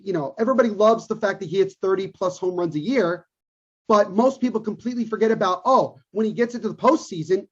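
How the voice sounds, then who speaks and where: A man's voice: sits high, slightly rough. A man co-hosting a sports podcast, talking in an emphatic, opinionated way and repeating his points for stress. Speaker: podcast co-host. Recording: dull lo-fi recording.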